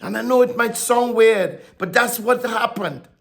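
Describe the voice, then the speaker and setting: A male preacher with a fairly high, gravelly voice delivers a sermon at a slow, deliberate pace. He stumbles over and repeats words, then builds to emphatic declarations before dropping back to a soft tone.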